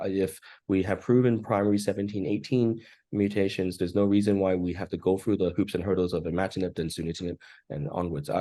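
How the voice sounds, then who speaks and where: Low, mellow man with early-morning voice. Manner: measured, frequent "uh" pauses. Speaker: oncologist presenting research. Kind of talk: conference talk and Q&A.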